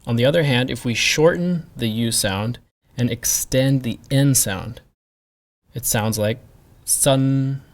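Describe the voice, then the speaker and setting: Slow, deliberate man teaching pronunciation. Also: medium pitch, gravelly. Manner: slow, deliberate, repeats sounds for drill. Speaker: language teacher. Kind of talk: pronunciation lesson.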